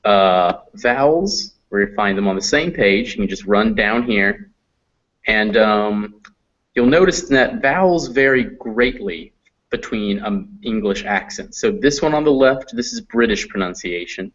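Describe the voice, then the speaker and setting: An American man teaching phonetics in a classroom lecture, slowly drawing out example sounds. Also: fairly low pitch, expressive, fairly bright tone. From United States. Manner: slow, drawn-out demonstration of sounds. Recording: dull lo-fi classroom recording.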